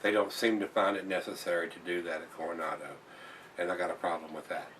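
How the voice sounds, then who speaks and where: A man's voice: low-pitched, little pitch movement, quick pace, far from the mic, noisy background. A man reviewing a beer in a casual vlog, blunt and plain-spoken, swearing when annoyed and repeating himself.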